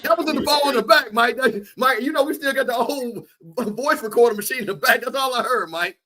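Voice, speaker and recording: A man's voice: extremely high pitch, brisk. A man joking and trash-talking in casual sports banter. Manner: joking, animated, Southern Black vernacular. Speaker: co-host.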